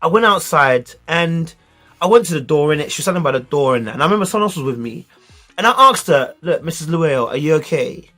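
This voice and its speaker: A man telling a school story in a casual, animated way, heavy on slang. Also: fairly high pitch, fast talker, faint music behind.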